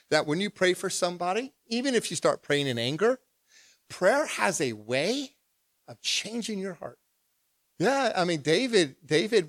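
Lively preaching man, dry sound. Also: fairly high pitch, no echo. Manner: lively, humorous, conversational preaching with acted prayers. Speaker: pastor. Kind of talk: sermon.

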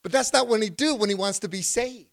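A male pastor preaching a sermon, asking the congregation questions and building to loud, emphatic bursts. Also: high voice, fast, vocal fry, no echo.

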